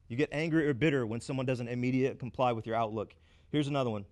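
A man preaching a sermon as pastor, emphatic and building through repetition, with dramatic pauses and wry asides to the congregation. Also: mid-range voice, a little mellow.

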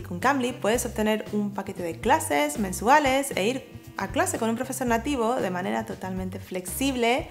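A woman hosts a language lesson, setting up quiz prompts with playful energy. Her voice sits fairly high and swings widely in pitch. Faint music plays underneath. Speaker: host.

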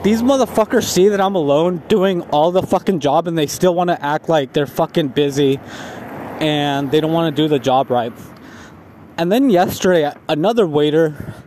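A man's voice: fairly high pitch, a little mellow, a little hiss or hum. A man in a casual vlog, ranting about lazy coworkers with heavy swearing and frustrated storytelling. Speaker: vlogger.

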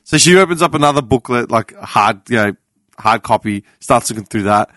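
Animated Australian man telling a story. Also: medium pitch, brisk, no echo. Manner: animated, profane, laughs through his anecdote. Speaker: podcast panelist. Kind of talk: casual storytelling chat.

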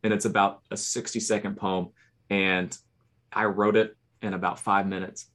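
A man who is a poet, talking earnestly in a casual podcast, halting and restarting often. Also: lowish voice, little pitch movement, fairly bright tone.

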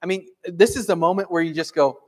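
A man's voice: high-pitched, brisk. A man in his thirties, a pastor preaching a conversational sermon in a church, earnest and full of rhetorical questions. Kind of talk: sermon with prayer.

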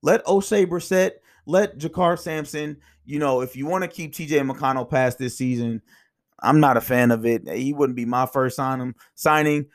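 A man hosting a casual sports talk show, talking in animated, rambling rants. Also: medium pitch, moderate pace. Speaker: podcast host.

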